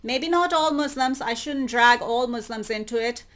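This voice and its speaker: A woman's voice: fairly high pitch, normal speed, fairly bright tone. A woman hosting her own channel, reading web articles aloud and commenting on them, repeating words she wants to stress. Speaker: YouTube channel host.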